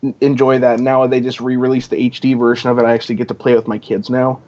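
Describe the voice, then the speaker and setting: A man's voice: medium pitch, level tone, fast, darkish tone. Rambling gamer guy on a dull lo-fi line. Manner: rambling, heavy on "you know", acts out quoted dialogue. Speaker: podcast guest, gamer. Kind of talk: casual podcast chat. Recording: dull lo-fi audio.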